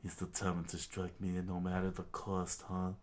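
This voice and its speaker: A man voicing an arrogant, taunting pirate captain in a gruff, low voice. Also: completely flat delivery, moderate pace, lightly acted.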